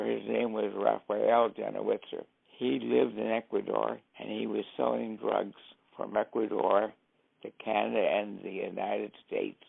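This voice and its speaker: An older man telling stories in an interview, gravelly and husky, acting out what others said. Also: lowish voice. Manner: anecdotal, acts out quoted speech. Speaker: interviewee, former driver and informant. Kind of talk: storytelling interview. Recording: tinny, phone-like sound.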